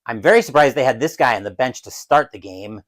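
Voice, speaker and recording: A man calling a tabletop dice baseball game as a solo play-by-play announcer, who gets loud and excited on big plays. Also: mid-range voice, brisk, rough recording. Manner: adds his own crowd cheers.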